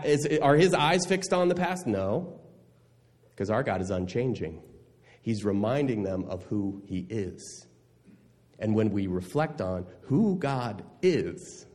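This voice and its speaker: A man preaching a sermon, animated and laughing at times, swinging between loud and hushed delivery. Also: on the high side, big-room sound. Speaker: pastor.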